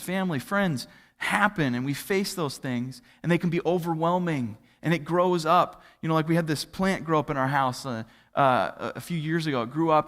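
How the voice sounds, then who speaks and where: A man's voice: fairly high pitch, a bit bright. Man, pastor, conversational sermon, long church reverb. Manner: conversational, self-deprecating storytelling. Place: church sanctuary. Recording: hall reverb from a church livestream.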